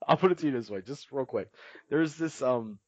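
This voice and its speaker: A man's voice: medium pitch, a little fast, no room sound. A man on a podcast chatting casually, laughing often as he retells a cartoon scene. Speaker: podcast co-host. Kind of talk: casual chat. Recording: dull lo-fi, dry.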